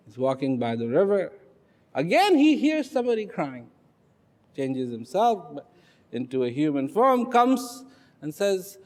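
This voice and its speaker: A man telling a humorous story in a talk, in an animated way, recorded in a large hall. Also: on the high side, unhurried. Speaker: speaker at a public event. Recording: long hall reverb.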